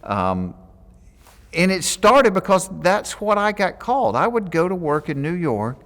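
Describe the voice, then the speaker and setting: Southern US comedian in an interview, lively pitch, reverberant room. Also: male voice, unhurried. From Georgia, US. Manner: animated, jokey, acts out quotes. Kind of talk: interview storytelling.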